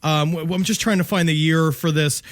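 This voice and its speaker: A man co-hosting a casual podcast, telling a story with loose, joking energy. His voice sits high for a man. The sound is close and dry, with no room behind it. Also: steady tone, brisk, no room sound. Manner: rambling, jokey, slips into silly put-on voices. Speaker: podcast co-host.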